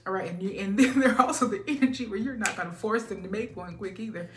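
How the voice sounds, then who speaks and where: A woman giving a casual spiritual reading who laughs often, acts out quotes loudly and keeps asking "all right?". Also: medium pitch, quick pace, roomy sound, slight background noise. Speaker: tarot reader.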